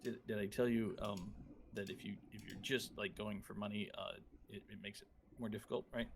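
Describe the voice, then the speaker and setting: Gravelly-voiced male game master, easygoing and halting. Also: lowish voice, fairly even intonation, noisy background. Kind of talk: running a tabletop game on stream.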